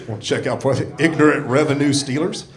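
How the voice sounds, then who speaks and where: A man in his sixties doing a profane, self-deprecating stand-up set into a handheld microphone on a comedy club stage. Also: on the high side. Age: 60s. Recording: live comedy club with audience laughter.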